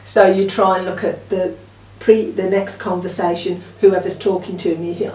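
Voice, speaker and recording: A woman's voice: fairly low pitch, little pitch movement, normal speed, darkish tone. A woman born in Yorkshire chatting casually as a book reviewer, rambling with lots of ums and small laughs. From Yorkshire, England. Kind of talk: casual chat. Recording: echoey room, far from the mic, faint noise.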